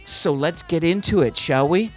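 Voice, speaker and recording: A man's voice: fairly high pitch, normal speed, faint music behind. A middle-aged Canadian man co-hosting a casual podcast, talking in an earnest, patriotic way with some restarts. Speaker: podcast co-host.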